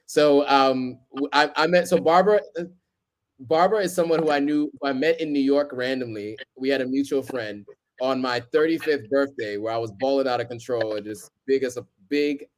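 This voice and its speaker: Hosting a live stream, a man in his thirties speaks in a mid-range voice at a moderate pace. He's easygoing, chuckling often and peppering his talk with ums.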